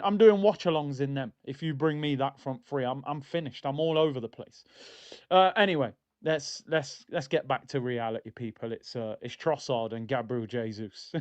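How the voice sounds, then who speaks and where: Rambling streamer, higher-pitched man, lo-fi stream sound. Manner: excitable, rambling, jokey football fan. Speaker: streamer hosting a football watchalong. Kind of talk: live fan chat, casual banter. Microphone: streaming mic. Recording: dull lo-fi stream audio.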